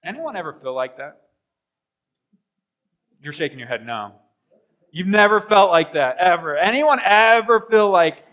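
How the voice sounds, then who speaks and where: A man preaching a sermon as pastor, animated, acting out voices and swinging between loud bursts and hushed asides. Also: sits high, measured pace, pauses often. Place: church sanctuary.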